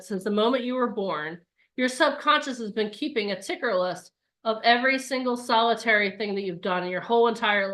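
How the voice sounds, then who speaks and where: Woman in her forties, coach, live online workshop, bright voice, fairly high, animated. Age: 40s.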